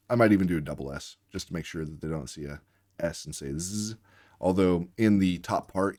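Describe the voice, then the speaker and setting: A man's voice: low-pitched, darkish tone, no echo, studio quality. A man working as a reading tutor, patiently explaining word spellings while acting out both teacher and student. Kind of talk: instructional demonstration.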